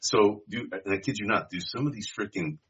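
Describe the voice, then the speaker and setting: A man's voice: fairly low pitch, brisk, a bit bright, slightly rough, lo-fi sound. A man co-hosting a podcast in casual chat, laid-back and full of "dude" and "bro". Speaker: podcast co-host.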